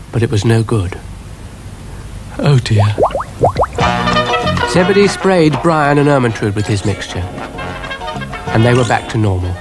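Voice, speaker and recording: A British man narrating a children's stop-motion story in a dry, gently wry manner. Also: mid-range voice.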